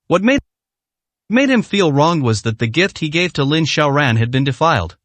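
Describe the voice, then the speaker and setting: A man's voice: on the high side, a bit bright, no echo. A man narrating a translated romance story in a scripted storytelling style.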